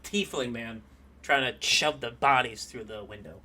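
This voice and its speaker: A man running a tabletop game as game master, in a relaxed, rambling way with lots of fillers. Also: mid-range voice, moderate pace, background noise.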